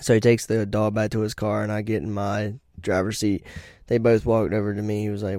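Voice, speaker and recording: A man's voice: on the low side, little pitch movement, a little fast, dark tone, no room sound, studio quality. A young man telling blunt, profane stories in casual chat and laughing at his own jokes. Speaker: podcast host.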